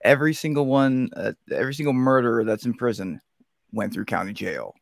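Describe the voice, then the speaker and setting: A man's voice: medium pitch, fairly quick, vocal fry, no echo, studio quality. A man co-hosting a casual chat, mostly chiming in with short reactions and agreement. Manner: brief reactions and agreeing interjections.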